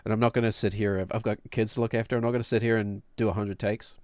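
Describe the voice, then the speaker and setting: A man's voice: fairly low pitch, little pitch movement, quick pace, no room sound. A man in his late thirties, a streamer explaining his own music production in a casual, rambling, self-deprecating way and laughing often. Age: late 30s.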